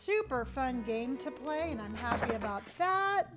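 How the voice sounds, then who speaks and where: A woman's voice: sits high, big pitch swings, moderate pace, over loud music, low-quality recording. A woman hosting a live stream, chatting casually and greeting viewers in an upbeat, playful, sing-song way from her home setup. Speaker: livestream host.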